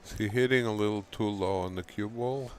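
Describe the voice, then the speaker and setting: A man's voice: lowish voice, brisk, a little hiss or hum. A man co-commentating a pool match in casual chat, often asking questions. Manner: curious, asks questions.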